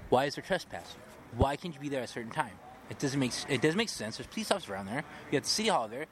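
A man's voice: mid-range voice, lively intonation, very fast, fairly bright tone. A homeless man rambling agitatedly through his story in a street interview, repeating himself. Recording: noisy outdoor street recording.

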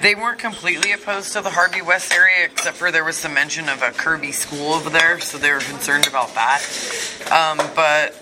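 A man's voice: a little high, steady tone, fairly quick, noisy background. A man, an encampment advocate, giving a loose, chatty spoken report with many fillers. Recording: dish and cutlery clatter.

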